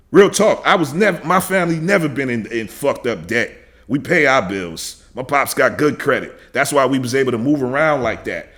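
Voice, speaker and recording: A man in his thirties hosting a reaction video, ranting angrily and profanely, repeating himself and shouting in bursts. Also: mid-range voice.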